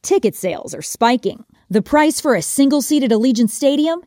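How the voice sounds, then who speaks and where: A woman field reporter giving an upbeat, animated on-location news report. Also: high-pitched, a little fast, dry recording, clean studio sound. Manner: bubbly, animated.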